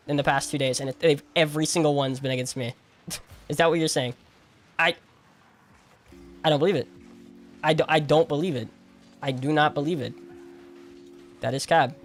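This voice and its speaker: Young male streamer, incredulous and loud. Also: fairly high pitch. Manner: incredulous, argumentative, repeats himself; heavy use of "like" and slang. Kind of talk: live game stream chat.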